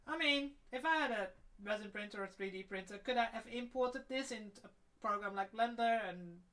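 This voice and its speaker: A woman's voice: on the high side, moderate pace, a bit bright. A woman chatting casually while she works on a craft build, thinking aloud and trailing off, with the hiccups. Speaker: cosplay crafter streaming her build. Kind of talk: casual working commentary.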